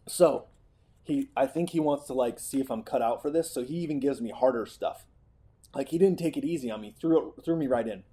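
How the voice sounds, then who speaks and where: A middle-aged man hosts a podcast and tells a story from his own life in a relaxed, mellow voice. His pitch sits in the middle. He acts out the quoted lines with animation. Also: brisk. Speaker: podcast host. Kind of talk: storytelling monologue.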